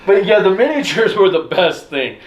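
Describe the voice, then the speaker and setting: A man co-hosting a casual podcast chat, blunt and quick to laugh. His voice sits high for a man and moves a lot, in an echoey room. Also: very animated. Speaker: podcast co-host.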